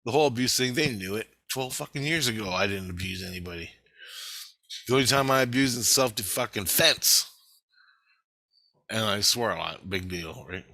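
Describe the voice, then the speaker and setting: A man's voice: on the low side, normal speed, pushed and bright, dry recording. Agitated, foul-mouthed middle-aged man. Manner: agitated, heavy swearing, rambling. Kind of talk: casual monologue vlog.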